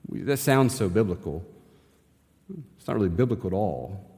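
Pastor preaching in a reverberant church. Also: male voice, lowish voice, animated, normal speed, mellow. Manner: conversational preaching with rhetorical questions. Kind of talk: sermon. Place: church sanctuary. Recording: long hall reverb in a church.

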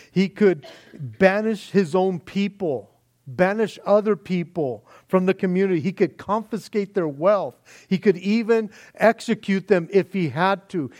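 A man's voice: sits high, a little mellow. A male pastor giving a sermon in a folksy, conversational way, explaining his passage at length. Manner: folksy, conversational, says "man" often; explains word meanings in long lists.

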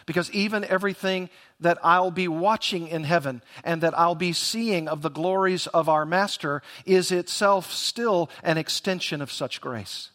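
High-voiced earnest man preaching. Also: a bit bright. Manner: earnest, emphatic preaching with rhetorical questions. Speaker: pastor. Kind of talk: sermon.

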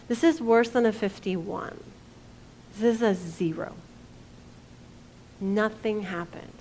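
A woman pastor, preaching a conversational sermon that asks the congregation questions and drops to a hush for quoted lines. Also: mid-range voice, slight background noise.

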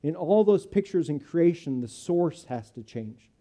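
Male pastor, sermon and prayer, earnest and measured, fairly high but very dark, mellow tone. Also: lively intonation. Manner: earnest, measured preaching in short phrases. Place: church.

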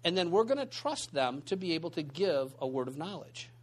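A man teaching a church group in an informal sermon, telling stories in a conversational, animated way full of asides. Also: a little high, fairly quick. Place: church meeting room.

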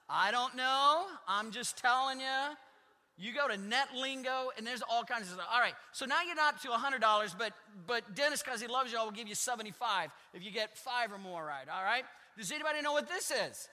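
A man's voice: extremely high pitch, animated, moderate pace, pushed and bright. A middle-aged man preaching as a pastor in a joking, conversational sermon, teasing the congregation with self-mocking asides. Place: church sanctuary. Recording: long church reverb.

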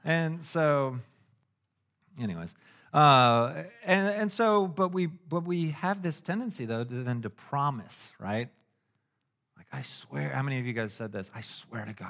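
A middle-aged man preaching a casual, conversational sermon, animated and slangy, acting out little stories as he goes. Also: medium pitch, gravelly. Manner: animated and casual, with slangy asides and acted-out anecdotes. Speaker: pastor.

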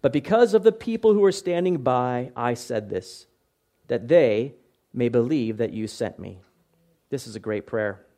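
A man's voice: mid-range voice, expressive, measured pace. A man preaching an expository sermon in a conversational way, reading scripture aloud and often checking in with listeners. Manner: conversational, tag questions, bursts into loud acted shouts. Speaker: pastor.

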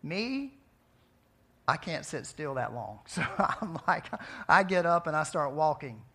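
A man preaching a sermon in a conversational way, asking his listeners questions and swinging between soft, quiet passages and emphatic outbursts. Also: on the high side, big pitch swings, measured pace. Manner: conversational, asks the audience questions. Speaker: pastor.

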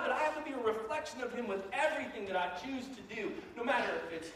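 A man preaching a sermon as a pastor, animated and joking, acting out voices as he goes. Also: very high-pitched, fast, a little hiss or hum. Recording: echoey hall, mic far off.

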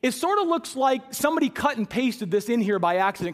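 High-voiced preacher in a reverberant hall. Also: male voice, big pitch swings, a little fast, hardly any pauses. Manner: emphatic, asks the audience rhetorical questions. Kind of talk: sermon.

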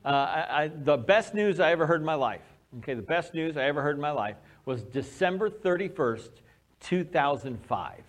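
A man preaching a sermon as pastor, telling a personal story with animated, acted-out quotes. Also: a little high, normal speed.

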